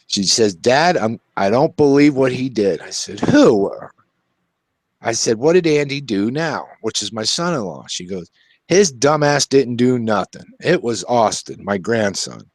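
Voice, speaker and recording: A man's voice: on the low side, no echo. Older male host, folksy storyteller, laughs a lot, dry close sound. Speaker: show host. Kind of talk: casual talk show chat.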